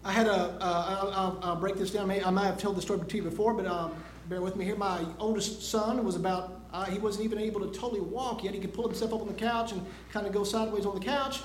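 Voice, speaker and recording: A man preaching a sermon, moving from a homely told story to loud, emphatic preaching. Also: high voice, steady tone, fast, hardly any pauses, echoey room, a little hiss or hum.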